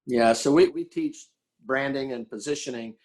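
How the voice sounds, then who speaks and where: An older man from Florida, a podcast guest telling animated stories and acting out the people he quotes. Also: mid-range voice, moderate pace. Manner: animated storyteller who acts out quotes. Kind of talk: casual storytelling chat.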